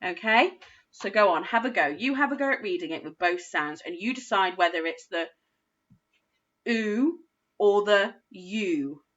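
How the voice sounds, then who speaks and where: A woman teaching a phonics lesson to young children, sounding out words slowly and praising often. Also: lowish voice, fairly bright tone, dull audio. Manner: slow, sing-song sounding out of words, encouraging. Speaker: primary school phonics teacher.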